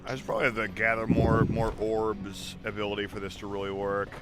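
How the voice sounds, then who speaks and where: A man's voice: on the low side, flat delivery, a little fast, loud music behind the voice. A man chatting casually while playing a game, laid-back and easily amused. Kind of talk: casual chat while gaming.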